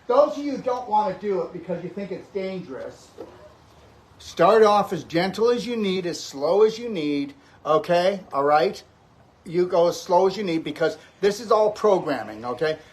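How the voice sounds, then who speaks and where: A man's voice: high voice, sing-song, moderate pace. A man teaching a self-treatment routine on camera, emphatic and instructive, often checking in with "okay?" while he claps his own neck and back. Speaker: health coach demonstrating self-treatment. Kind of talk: instructional demonstration.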